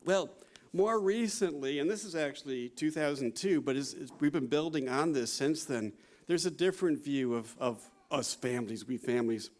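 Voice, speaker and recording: A man's voice: on the high side, moderate pace. Chatty man in his sixties lecturing. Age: 60s. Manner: conversational, peppered with "you know" and "right?", laughs often. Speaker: psychology professor giving a conference talk. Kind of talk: conference lecture.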